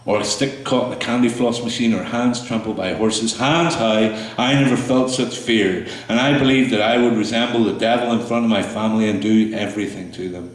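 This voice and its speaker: A man performing his spoken word poetry to a small audience, slow and halting between pieces, with fillers and restarts. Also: on the low side. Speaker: poet performing his work. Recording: echoey room, mic far off.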